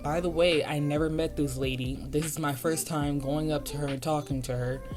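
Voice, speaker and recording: Young adult vlogger, slangy storyteller, mid-pitched voice, faint music underneath. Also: moderate pace. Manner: casual slangy storytelling, excited and indignant. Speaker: art vlogger. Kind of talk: storytime over a speedpaint.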